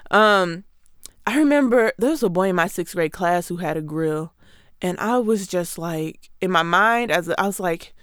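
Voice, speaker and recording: A young woman in her twenties from Michigan riffs sarcastically through a comedy monologue, lively and conversational. Her voice is smooth and crisp, recorded dry and close with no room around it. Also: fairly low pitch, dry recording. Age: 20s. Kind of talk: comedic monologue about song lyrics.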